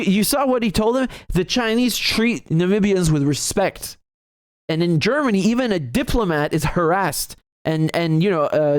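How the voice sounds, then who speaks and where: A man's voice: a little high, no echo, clean studio sound. A man giving heated, emphatic political commentary on a video clip, laughing often. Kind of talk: reaction commentary.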